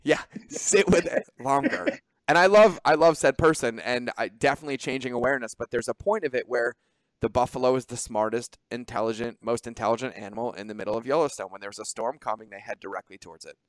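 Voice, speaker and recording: Male podcast host, animated and profane, average pitch, dry close mic. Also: no room sound. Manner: animated, swearing, quick asides. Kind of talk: casual podcast conversation.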